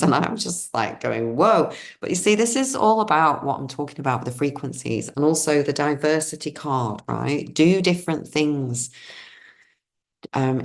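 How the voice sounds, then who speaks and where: A woman card reader chatting casually, telling rambling, digressive stories with effusive enthusiasm and losing her thread at times. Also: extremely low pitch.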